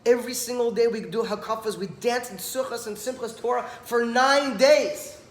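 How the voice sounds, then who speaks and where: A man's voice: very high-pitched, normal speed. A man giving a storytelling Torah talk, acting out the dialogue as he goes. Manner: animated storyteller, acts out dialogue. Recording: echoey room, some background noise.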